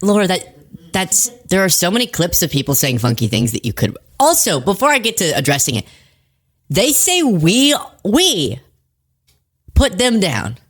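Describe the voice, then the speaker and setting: A woman hosting casual political commentary, sarcastic and animated, laughing at her own jokes. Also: lowish voice, moderate pace, slightly rough.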